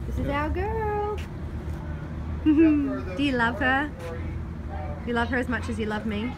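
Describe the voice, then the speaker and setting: A woman's voice: high voice, slow. A young woman chatting and giggling in a casual family vlog. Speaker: vlogger.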